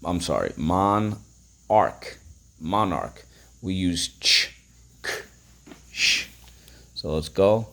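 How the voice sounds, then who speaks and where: Deep-voiced male phonics teacher. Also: very animated, takes it slowly, gravelly, pauses often, sharp tone. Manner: upbeat, drills syllables, prompts listeners to repeat. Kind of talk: phonics lesson.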